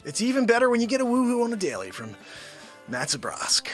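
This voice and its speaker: A man hosting a daily live comedy stream, rambling and joking, swinging from loud bursts to muttered asides. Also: very high-pitched, wildly swooping pitch, fast, soft background music. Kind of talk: unscripted live comedy chat. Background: his own intro song playing.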